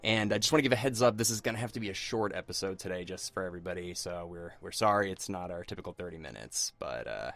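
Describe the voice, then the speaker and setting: A man's voice: low-pitched, fast talker, gravelly, few pauses, a bit bright. A man in his thirties co-hosting a podcast, chatting casually and rambling with many fillers. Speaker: podcast co-host. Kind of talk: casual chat.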